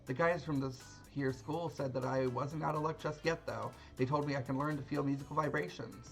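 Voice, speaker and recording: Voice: medium pitch, brisk, creaky, soft background music, lightly acted. A woman reading the lines of a cheerful hard-of-hearing young female dancer in a folksy, chatty way.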